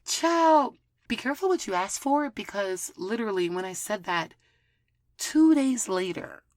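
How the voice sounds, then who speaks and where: A middle-aged woman hosting a podcast, telling personal stories in a casual, animated way, swearing freely and acting out what other people said. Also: mid-range voice, dry recording. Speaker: podcast host. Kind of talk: casual storytelling chat.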